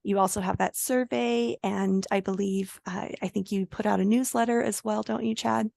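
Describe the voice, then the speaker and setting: Gravelly-voiced woman hosting. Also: mid-range voice, steady tone, normal speed, a little mellow, no room sound. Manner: hesitant, with many fillers. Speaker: host. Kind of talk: closing remarks to a guest.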